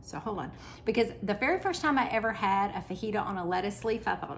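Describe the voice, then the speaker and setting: A woman's voice: mid-range voice, animated, fast talker, a little hiss or hum. A woman, a health coach chatting casually through a cooking vlog at home, talking while she eats. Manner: chatty, talks while eating.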